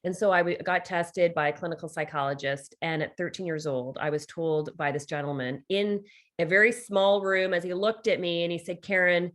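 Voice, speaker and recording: A middle-aged woman with a Canadian accent, a podcast guest telling stories with lively quoted voices. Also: on the low side, moderate pace. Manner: animated storytelling with quoted voices. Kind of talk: podcast interview.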